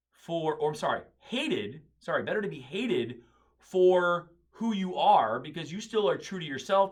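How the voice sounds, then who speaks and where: A man with a fairly high voice talks through an idea in a casual monologue. He hosts a daily quote video and thinks aloud as he goes, stopping to search for words and correct himself.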